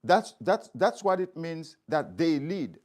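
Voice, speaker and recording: Emphatic high-voiced man. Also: very animated, slow pace, darkish tone. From Haiti. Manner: emphatic, repeats phrases for stress. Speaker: community speaker. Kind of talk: impassioned address to viewers.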